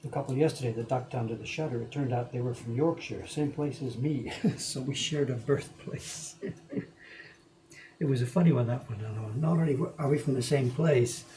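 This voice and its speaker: A man's voice: mid-range voice, brisk, warm tone, slight background noise, rough recording. Chatty man hosting a craft stream. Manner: chatty, anecdotal, chuckles often. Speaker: printmaking livestream host. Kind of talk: casual chat while working.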